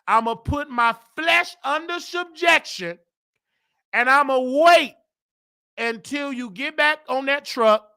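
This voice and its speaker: This Southern-accented host rants comedically on a live stream, speaking slowly in a very high voice. He stays loud and teasing, slipping into laughs and put-on voices.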